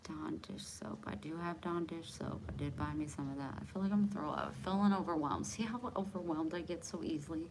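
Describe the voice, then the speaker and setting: A woman in her forties with a slightly low voice, chatting live with her viewers. She is candid and self-mocking, teasing commenters by name and laughing easily between remarks. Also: fast, hardly any pauses, background noise. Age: 40s. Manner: laughs often between lines. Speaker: livestream host. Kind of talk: casual live chat with viewers.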